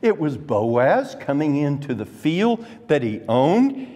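A middle-aged man with a Texan accent, preaching a sermon in a church with slow, emphatic delivery. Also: on the high side, sing-song, dark tone. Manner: emphatic, slow deliberate preaching with rising exclamations. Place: church sanctuary. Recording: long hall reverb.

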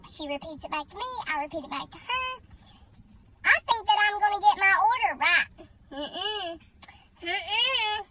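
An adult vlogger ranting at home in a sassy, animated, colloquial way. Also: extremely high pitch, moderate pace, long pauses, poor audio. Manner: sassy, animated, colloquial storytelling with dialect grammar. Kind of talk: casual vlog rant. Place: at home, seated. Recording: loud background noise.

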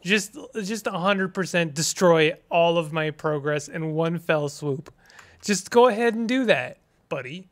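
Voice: medium pitch, measured pace. A gaming streamer giving let's play commentary, playful and exasperated, with dramatic outbursts, silly made-up words and the odd muttered aside.

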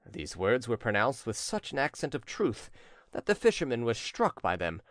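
A man narrating a classic crime story as an audiobook in a dramatic, expressive reading. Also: mid-range voice, moderate pace, no echo, studio quality. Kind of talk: scripted narration.

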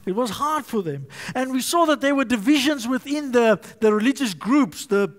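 A man's voice: very high-pitched, animated, moderate pace. A male pastor preaching a sermon, emphatic and fond of repetition and alliteration.

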